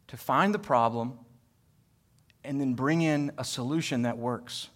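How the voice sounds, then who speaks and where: A male pastor delivers a sermon in a mid-range voice at an ordinary pace. He repeats phrases emphatically, climbing to loud peaks before dropping to softness, and weaves in homely stories about family.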